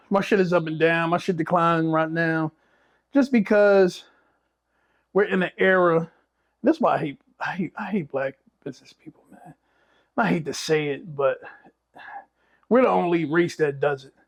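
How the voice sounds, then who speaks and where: Male business owner, high voice, profane, straight-talking podcast guest. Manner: blunt, profane storytelling. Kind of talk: casual podcast chat.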